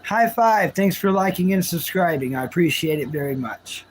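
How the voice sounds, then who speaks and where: Man, high voice, live streamer, casual rambling chat, self-mocking jokes. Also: lively intonation, moderate pace, slight background noise, poor audio.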